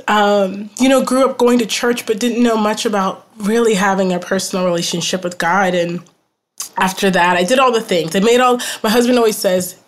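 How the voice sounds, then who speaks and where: Earnest woman counselor telling her story. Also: medium pitch. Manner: reflective and earnest, heavy on "you know" and "like". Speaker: guest, trauma counselor. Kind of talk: candid personal storytelling in a podcast interview.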